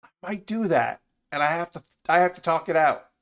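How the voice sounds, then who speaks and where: A man's voice: fairly high pitch, expressive, fairly quick, fairly bright tone. A man streaming while building a model kit, talking casually in a rambling, self-correcting way with frequent swearing. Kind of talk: casual live-stream chat.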